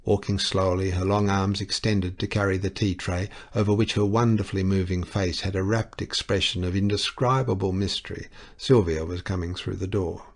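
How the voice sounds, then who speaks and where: A man reading a novel aloud as an audiobook narrator, steady and measured. His voice sits somewhat low for a man, unhurried and even. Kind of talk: scripted narration.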